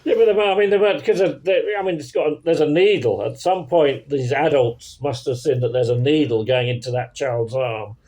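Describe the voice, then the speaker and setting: A man in casual comedic podcast chat, reacting incredulously and riffing in quick bursts. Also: mid-range voice, darkish tone. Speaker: podcast co-host.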